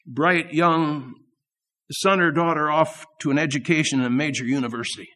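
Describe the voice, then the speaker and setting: A man preaching a sermon, earnest and repeating key phrases, swelling up and then dropping to soft asides. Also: a little high. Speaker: pastor.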